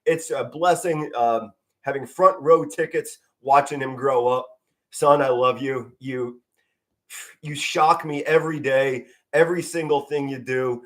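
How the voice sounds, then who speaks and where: A man's voice: medium pitch, fairly even intonation, unhurried, fairly bright tone. A middle-aged man from Pennsylvania calling a football game as an amateur play-by-play commentator, passionate and emotional, standing and moving as he talks, sometimes stumbling over his words. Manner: passionate, emotional, stands and moves while talking, occasional stutters. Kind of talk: live fan sports commentary stream. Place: home, standing in front of a flag.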